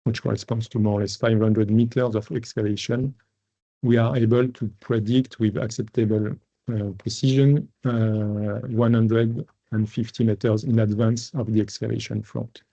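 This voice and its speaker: A man's voice: on the low side, flat delivery, moderate pace, creaky, warm tone, husky, dry recording. A man giving a technical webinar talk over a video call, hesitant, with many fillers and restarts. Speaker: researcher presenting at a webinar. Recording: dull lo-fi webinar audio, dry.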